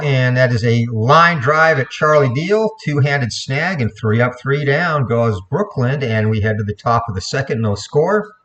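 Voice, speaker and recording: Man calling replay baseball play-by-play. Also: medium pitch. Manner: steady play-by-play with self-corrections. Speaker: play-by-play commentator.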